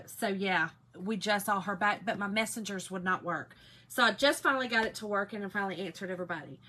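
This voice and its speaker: A woman from Georgia with a Southern accent hosting a craft live stream in a hoarse, raspy voice, chatting and greeting viewers by name. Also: a little high, sharp tone. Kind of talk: casual live-stream chat.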